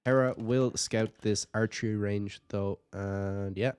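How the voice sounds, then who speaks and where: A man's voice: on the low side, fairly even intonation, slow pace, a little mellow, smooth. A man giving casual commentary on a strategy game match, chatty and thinking aloud with light jokes. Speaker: game caster.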